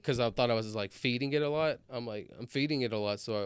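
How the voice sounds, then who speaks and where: A young man, a streamer, telling rambling stories in casual chat, filling every pause with "like" and "anyways.". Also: medium pitch, clean tone, no echo. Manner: rambling, filler-heavy, says "like" and "anyways" constantly. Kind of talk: casual storytelling while reading chat.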